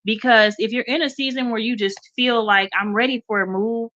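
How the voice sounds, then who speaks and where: A woman's voice: a little high, fairly even intonation, a little fast, a bit bright, muffled recording. A woman hosting a radio show, giving an encouraging motivational talk and calling her listeners y'all, a little stuffy. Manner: encouraging, addresses listeners as y'all, repeats okay.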